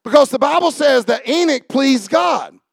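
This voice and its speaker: Man preaching, very high voice, gravelly edge, shouting sermon. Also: animated, moderate pace, no echo, clean studio sound. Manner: preaching, often shouting, asking the congregation questions. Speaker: pastor.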